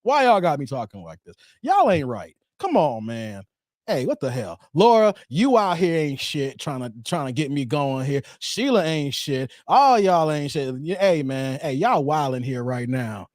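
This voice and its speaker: A man's voice: fairly high pitch, measured pace, no echo. A man banters playfully with his viewers. He laughs often and keeps coming back to "hey, man." The sound is close and dry, with no room around it. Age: 40s. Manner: animated, repeats "hey, man". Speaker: YouTube host. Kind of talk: casual live-stream chat reading viewer comments.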